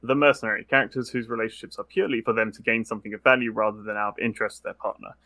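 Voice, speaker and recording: A young British man in casual podcast chat, talking quickly and acting out quotes as he explains. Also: on the low side, dry recording. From Britain. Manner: quick, animated, acts out quotes.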